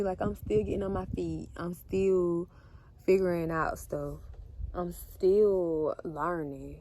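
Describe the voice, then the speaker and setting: Low-voiced woman telling her story earnestly. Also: unhurried. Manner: earnest, talks straight to viewers as "y'all". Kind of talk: emotional storytime monologue. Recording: steady background noise.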